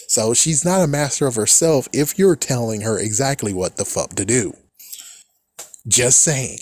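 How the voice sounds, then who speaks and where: A man talks through a cartoon plot in loose, casual commentary, peppering it with swears and loud exasperated outbursts. His voice sits at an ordinary middle pitch. The recording is dry, with no room sound. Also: no room sound. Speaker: reaction commentator. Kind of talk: casual recap and reaction.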